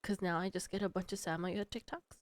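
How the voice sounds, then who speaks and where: A young woman streamer chatting casually while she plays, animated and often laughing between lines. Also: fairly low pitch, fairly quick, rough recording. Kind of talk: casual chat while gaming.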